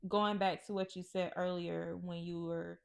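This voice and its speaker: A woman co-hosting a podcast, talking in a relaxed, rambling way with fillers. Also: lowish voice, normal speed, vocal fry. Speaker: podcast co-host. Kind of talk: casual chat.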